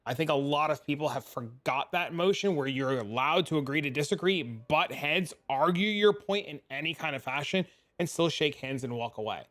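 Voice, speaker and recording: A man's voice: a little high, lively intonation, moderate pace, a bit bright. A man streaming a video game, talking to chat in a blunt, profane, heated rant. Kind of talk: casual live stream rant.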